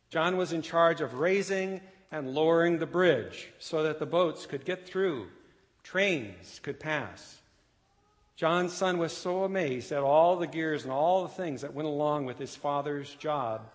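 A man preaching a sermon, telling a story with dramatic swells that drop to a hushed close. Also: on the high side. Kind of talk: sermon illustration and closing. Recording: long church reverb with faint guitar. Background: soft guitar music.

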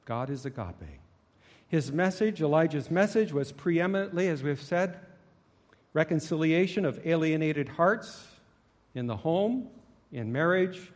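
High-voiced preacher man in echoing hall. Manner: dramatic, swings from hushed to shouting. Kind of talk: sermon. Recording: long hall reverb.

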